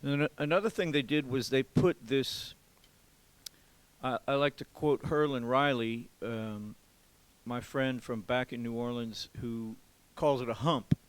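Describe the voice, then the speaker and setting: A man from Louisiana, a drummer, giving an informal music lesson in a museum café, explaining calmly with pauses and counting beats aloud. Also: medium pitch, clear, resonant tone, low-quality recording. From Louisiana, USA.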